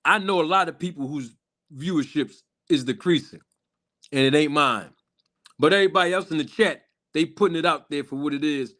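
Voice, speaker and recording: A man's voice: a little high, a little fast, pushed and bright. Hype man hosting a live stream. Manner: hype, chatty, calls out to the chat. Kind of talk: casual live stream talk.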